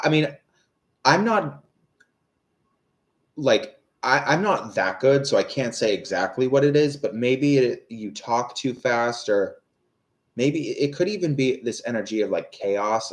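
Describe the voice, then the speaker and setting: A man in his thirties giving live-stream tarot readings, rambling and hesitant with many fillers. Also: medium pitch. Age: 30s. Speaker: tarot reader.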